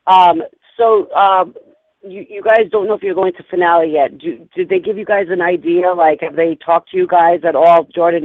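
A woman hosting a casual online radio chat, bubbly and quick to laugh. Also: lowish voice, no echo. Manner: bubbly, chatty, laughs often. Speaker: talk show host. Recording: tinny phone-line audio.

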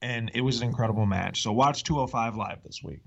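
A man's voice: medium pitch, fairly quick, creaky, fairly bright tone. Rambling male podcast guest, dull audio. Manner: rambling, chatty, heavy on "like". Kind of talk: casual chat.

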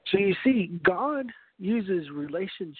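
A high-voiced man preaches earnestly, telling a story and often restarting his phrases. The sound is dry and narrow, like it came over a phone line. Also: lively intonation, unhurried, husky, no echo. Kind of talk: evangelistic teaching talk.

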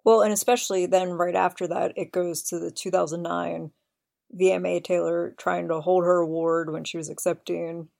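A woman's voice: on the low side, level tone, moderate pace, gravelly, mellow. A woman hosting a podcast, eagerly recounting scenes in detail with open admiration. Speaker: podcast host. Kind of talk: casual chat.

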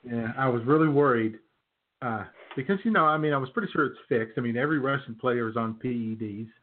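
Male podcast co-host, mid pitch, sardonic and filler-heavy, phone-band sound. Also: a little fast, narrow, tinny audio, slight background noise. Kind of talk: casual chat.

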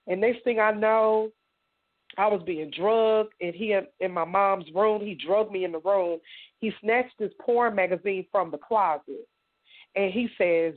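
A middle-aged woman from Indiana giving personal testimony in a radio interview, halting and repeating words as she acts out what others said. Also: mid-range voice. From Indiana, United States. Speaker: guest survivor telling her story. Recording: tinny phone-like radio sound.

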